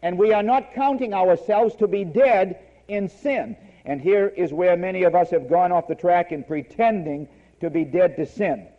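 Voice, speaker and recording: A man's voice: high-pitched, moderate pace, dull audio. A man preaching a sermon, emphatic and repeating key words for stress.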